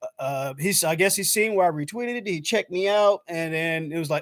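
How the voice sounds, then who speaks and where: A man's voice: high voice, brisk, no room sound, clean studio sound. Chatty American man, casual stream. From United States. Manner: loose and chatty, lots of "man" and "I was like"; animated when acting out his own past thoughts. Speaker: YouTube channel host. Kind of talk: casual live-stream chat.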